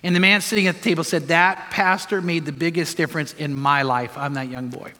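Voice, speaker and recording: A man's voice: on the high side, fairly even intonation, fairly quick, pushed and bright. A man preaching a sermon, telling stories and urging his listeners with repeated, earnest commands. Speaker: pastor. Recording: long hall reverb.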